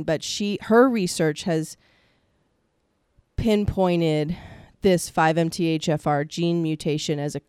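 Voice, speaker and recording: A woman co-hosting a podcast in a smooth, clear voice. She rambles and pokes fun at herself, often pausing mid-sentence to hunt for a word. The sound is close and dry. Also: low voice, a little mellow, no echo. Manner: rambling, self-deprecating, searches for words. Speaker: podcast co-host. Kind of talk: casual podcast chat.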